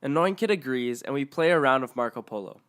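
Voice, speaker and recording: A man's voice: medium pitch, lively intonation, fast, a bit bright, clear, resonant tone. A man narrating online stories aloud in a matter-of-fact way.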